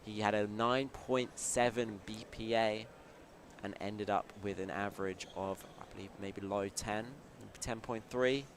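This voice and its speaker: A man doing live play-by-play commentary at a competition, quick and upbeat. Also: fairly low pitch, steady tone, slight background noise.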